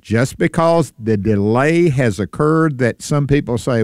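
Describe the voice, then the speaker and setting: A man co-hosts a Bible-based radio talk show. He speaks earnestly and with emphasis in a smooth, clear voice at a middle pitch, recorded dry and close to the mic. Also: big pitch swings, measured pace, hardly any pauses, a little mellow, no echo. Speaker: radio co-host. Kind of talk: casual radio conversation.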